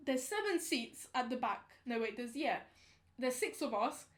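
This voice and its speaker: A young woman, casually telling a story on a podcast in slangy, animated talk. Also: sits high, moderate pace. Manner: animated, slangy, acts out quotes. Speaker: podcast co-host.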